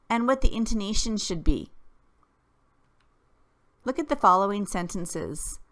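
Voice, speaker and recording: A woman teacher reading a scripted lesson, careful and deliberate, with clear pauses. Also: medium pitch, a bit bright. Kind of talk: slow scripted lesson narration.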